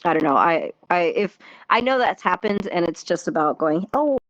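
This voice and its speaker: A woman's voice: lowish voice, animated, moderate pace, a bit bright, no room sound, lo-fi sound. A woman guest on a casual podcast interview, a theatre performer and dance teacher, talking in a chatty way with frequent laughs, fillers and restarts. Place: virtual reality social world voice chat.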